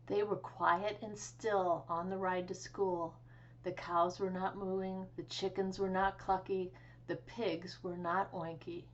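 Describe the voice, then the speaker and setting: A woman librarian reading a picture book aloud for children, slow and expressive with sing-song animal sounds. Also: on the low side, lo-fi sound. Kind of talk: children's storytime read-aloud.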